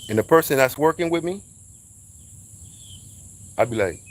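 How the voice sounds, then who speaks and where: A man telling a casual, animated story in slang, acting out quoted voices along the way. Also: mid-range voice, moderate pace.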